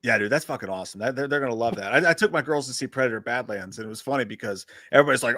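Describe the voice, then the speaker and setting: A man's voice: medium pitch, lively intonation, quick pace, few pauses, bright, forceful tone, no echo. A middle-aged father co-hosting a live movie stream, chatting casually with swearing and reading out viewer messages. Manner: profane, laid-back, reads viewer messages. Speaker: co-host.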